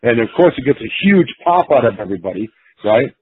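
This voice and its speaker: A man's voice: medium pitch, big pitch swings, fast, husky, no room sound. A man who used to be a pro wrestler, telling stories in a rambling way, with lots of fillers and restarts. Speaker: former pro wrestler, guest. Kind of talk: casual storytelling interview. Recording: dry, phone-like narrowband sound.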